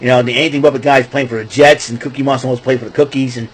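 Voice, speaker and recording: A man's voice: medium pitch, fairly even intonation, very fast, slightly rough, low-quality recording. A middle-aged man hosting his own show, talking casually in a rambling way with many restarts. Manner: rambling, restarting, breaks into goofy voices and laughs. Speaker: podcast host. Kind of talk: casual solo talk.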